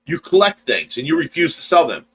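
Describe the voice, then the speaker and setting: A man's voice: a little high, big pitch swings, brisk, a bit bright, husky, rough recording. A middle-aged man co-hosting a casual livestream, easygoing and teasing as he reads out viewer comments. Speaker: livestream co-host.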